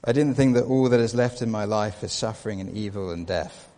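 A man's voice: fairly low pitch, brisk, warm tone, close to an everyday voice. Pippin, a frightened little hobbit, voiced by a man. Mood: despairing. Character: small frightened hobbit, despairing. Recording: long reverb of a large hall.

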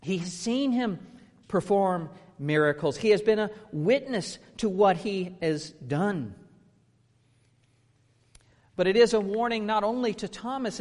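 Male preacher, thirties, high-pitched, emphatic sermon delivery with rhetorical questions, echoing hall.

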